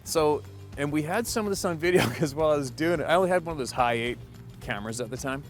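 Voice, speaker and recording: A man hosting a hunting channel who tells a story in a casual, animated way, with plenty of emphasis and cursing. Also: on the high side, fast, faint music behind.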